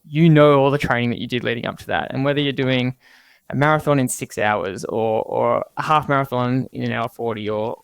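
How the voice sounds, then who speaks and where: A man's voice: mid-range voice, vocal fry, dry recording. A young man co-hosting a podcast, talking with energy and enthusiasm. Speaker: podcast co-host. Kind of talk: podcast conversation.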